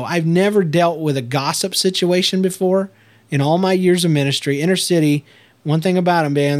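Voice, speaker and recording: A man, a children's ministry pastor, giving emphatic, emotional podcast advice with folksy fillers. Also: a little high. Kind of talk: casual podcast talk.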